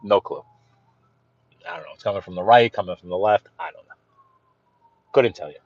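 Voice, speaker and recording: A man with a New York accent chatting to viewers while driving, greeting them by name and often clearing his throat. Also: fairly low pitch, fairly even intonation, a little fast, no echo, lo-fi sound. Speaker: livestream host driving. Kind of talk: casual live-stream chat while driving. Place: inside a car on city streets.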